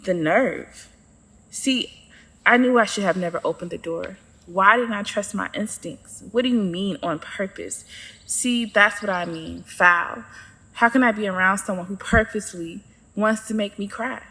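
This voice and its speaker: A woman's voice: fairly low pitch, moderate pace, vocal fry, pushed and bright, big-room sound. A woman narrating her own story in the first person, with a sassy, sarcastic manner.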